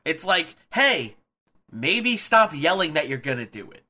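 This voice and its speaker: Bright-voiced young man chatting on a podcast. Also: fairly high pitch, measured pace. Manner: animated, laughs easily, frequent restarts. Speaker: podcast co-host. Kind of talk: casual podcast chat.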